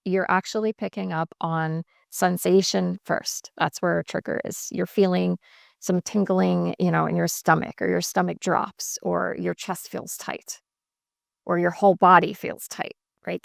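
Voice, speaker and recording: A couples coach with a fairly low, gravelly, creaky voice lays out her points in a measured, emphatic way during an explanatory podcast interview. She's close to the mic in a dry, dead-sounding space with no echo.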